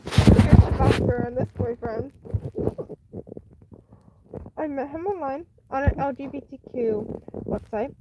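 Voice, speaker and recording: A woman's voice: high voice, measured pace, pauses often, heavy background noise. A woman hosting a live stream, casually telling a personal story in a rambling, candid way with many fillers and restarts. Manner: chatty and candid.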